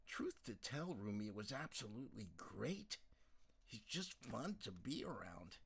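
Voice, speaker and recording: A man's voice: medium pitch, very animated, unhurried, gravelly, a little hiss or hum. A man voicing a frank, friendly young woman in a storybook reading.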